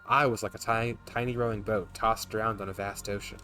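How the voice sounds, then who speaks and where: A man's voice: on the low side, steady tone, a little fast, sharp tone, soft background music. A man reading as a weary young student narrator. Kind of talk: reading game narration aloud.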